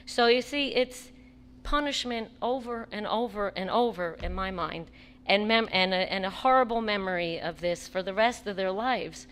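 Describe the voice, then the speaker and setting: A woman makes an earnest, pleading case as a parent at a school board meeting, her voice at a middle pitch. She speaks with feeling, halting and restarting as she goes, and a faint hum of room noise sits behind her. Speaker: parent speaking at public comment.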